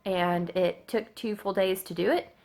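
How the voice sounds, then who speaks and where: A woman, telling a personal story in a halting way, with many fillers and restarts. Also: mid-range voice, a little mellow. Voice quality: gravelly. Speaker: vlogger.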